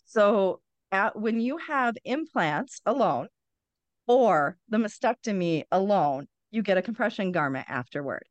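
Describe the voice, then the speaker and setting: A woman's voice: medium pitch, animated, a little slow, dry recording. A woman in her forties, a podcast guest, telling a candid personal story bluntly, with wry humor and frequent swearing.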